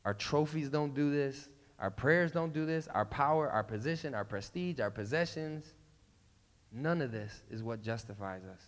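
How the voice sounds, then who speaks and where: Man, pastor, conversational sermon, emphatic bursts, mid pitch, reverberant hall. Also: lively intonation, normal speed. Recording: long reverb in a large hall.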